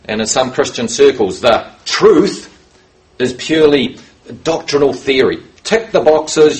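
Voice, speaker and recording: Man, preacher, sermon, emphatic, deliberate pacing, medium voice. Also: mid-range voice, rough recording. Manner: reads scripture aloud, emphatic rises on key words.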